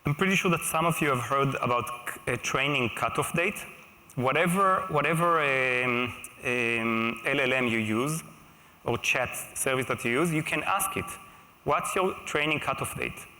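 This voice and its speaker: Brief: man, mid-pitch, bright tone, chatty keynote speaker on a live stage, echoey hall. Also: normal speed. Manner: conversational, checks in with the audience. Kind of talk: conference keynote talk. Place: stage at a large live conference.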